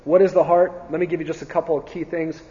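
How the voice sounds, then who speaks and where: A man's voice: on the high side, little pitch movement, fast, mellow. A man teaching a Bible class in a church setting, earnest, repeating key phrases with frequent ums and restarts. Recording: dull sound with long reverb in a hall.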